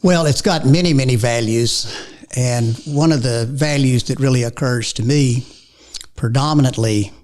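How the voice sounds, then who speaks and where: A man with a Charlotte, North Carolina accent speaks as a podcast guest. He talks calmly and reflectively, never hurrying. His voice sits at a middle pitch. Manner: calm, reflective, unhurried. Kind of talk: reflective conversation.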